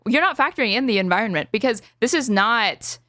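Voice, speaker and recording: A woman's voice: on the high side, lively intonation, fairly quick, pushed and bright, no room sound, studio quality. A woman hosting a casual chat, blunt, teasing and profane. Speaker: host.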